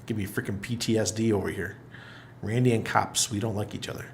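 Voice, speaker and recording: A man's voice: on the low side, steady tone, brisk, a little hiss or hum. A middle-aged man hosting a casual livestream, reading viewer comments aloud in a loose, chatty way and laughing often. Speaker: livestream host. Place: apartment in Panama.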